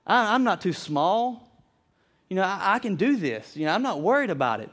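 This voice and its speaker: A man voicing a proud, cocky young lion cub who brags that he can handle anything, raising his voice well above its usual pitch. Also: big pitch swings, moderate pace, fairly bright tone, heavily acted. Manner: brash, boastful.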